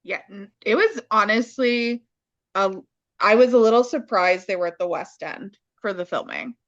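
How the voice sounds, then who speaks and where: A woman's voice: medium pitch, animated, normal speed, a bit bright, dry recording, muffled recording. A young woman co-hosting a podcast, giving brief, agreeable replies. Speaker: podcast co-host. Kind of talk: casual chat.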